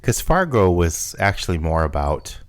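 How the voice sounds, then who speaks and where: Man, very low voice, lively ups and downs, rambling joking host, faint hiss. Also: normal speed, no room sound, clean studio sound. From Minnesota. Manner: rambling, joking, many fillers. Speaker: podcast host. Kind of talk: casual chat.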